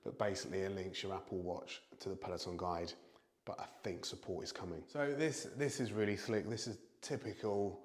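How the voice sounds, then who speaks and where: A man's voice: low-pitched, a little fast, reverberant, a little hiss or hum. A British man chatting casually as he reviews home fitness gear, thinking aloud with a self-deprecating manner. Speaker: product reviewer.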